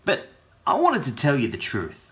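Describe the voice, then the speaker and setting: A man's voice: medium pitch, huge pitch swings, normal speed, bright, forceful tone. A man with an Australian accent, casually telling a playful story crammed with Aussie slang. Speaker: vlogger.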